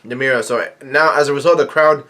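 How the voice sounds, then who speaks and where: A man's voice: mid-range voice, fairly quick, pushed and bright. A man casually reading a comic aloud and commenting as he goes, rambling, with many fillers and restarts. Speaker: comic reviewer.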